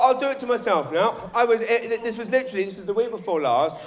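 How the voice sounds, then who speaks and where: A man's voice: high-pitched, fast talker, few pauses, crowd noise, background noise. An English man performing live stand-up comedy on a theatre stage, telling brash, sweary stories with lots of energy. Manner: brash, swearing, animated storytelling.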